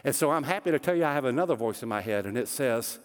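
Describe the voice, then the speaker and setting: A man's voice: medium pitch, expressive, fast talker. A middle-aged man, a pastor, preaching a sermon in a church sanctuary with earnest emphasis and rhetorical questions. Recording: long hall reverb.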